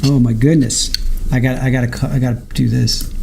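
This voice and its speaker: A man hosts a casual live stream from home, recapping a court day in a loose, chatty way. He reads viewer comments aloud and breaks off to fuss over his dog. His voice is gravelly and mellow, with faint background noise. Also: medium pitch, level tone, brisk. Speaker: livestream trial commentator.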